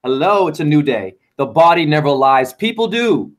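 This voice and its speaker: A man's voice: fairly high pitch, sing-song, moderate pace. A man talking as a show guest in a rambling, fervent monologue full of wordplay. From United States. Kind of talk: casual chat.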